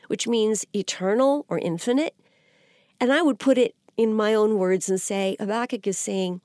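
A woman teaches the Bible on a podcast in an earnest, steady voice at a middling pitch. She lifts her voice when she voices a prophet's desperate questions. The sound is close and dry, with no room around it. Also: measured pace, no room sound.

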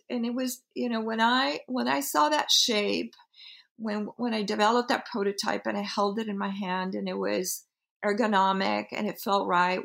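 Reflective Peruvian-born woman, slightly gravelly. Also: medium pitch, a bit bright. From Peru. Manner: reflective, halting, with many restarts and fillers. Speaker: brand founder. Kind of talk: interview, telling her brand story.

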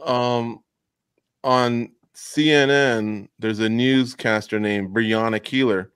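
A man's voice: medium pitch, slow pace, fairly bright tone, clean tone, dry recording. A man hosting a podcast, chatting in a friendly, easygoing way with a guest. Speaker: podcast host. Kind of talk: casual interview chat.

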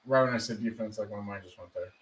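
A man's voice: fairly low pitch, quick pace, low-quality recording. A man co-hosting a podcast, laid-back and swearing casually as he chats. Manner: laid-back, swears a lot, says dude. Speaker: podcast co-host. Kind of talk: casual chat. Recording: voice a bit off-mic.

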